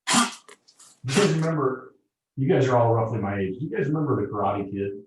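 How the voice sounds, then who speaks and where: A man giving a motivational seminar talk to a live group, animated and often checking in with the audience. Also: on the low side, very fast, background noise. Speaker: motivational speaker. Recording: roomy, dull lo-fi room recording.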